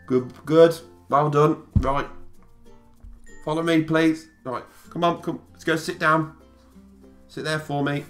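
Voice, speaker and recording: A patient, encouraging teacher who coaxes a child along step by step, in a slightly raised, kindly tone, as a man puts him on in a vlog. The voice stays close to his everyday one. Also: on the high side. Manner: gentle, step-by-step coaxing.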